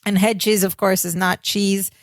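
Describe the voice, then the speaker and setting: A woman's voice: medium pitch, level tone, moderate pace, no echo. A woman co-hosting a podcast, narrating scene details in casual chat and laughing often. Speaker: podcast co-host.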